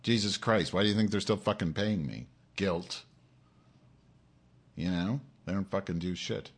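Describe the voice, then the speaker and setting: A man's voice: low voice, a little slow, breathy edge. A man hosting his own live-stream show, in an angry, profane rant aimed straight at his audience.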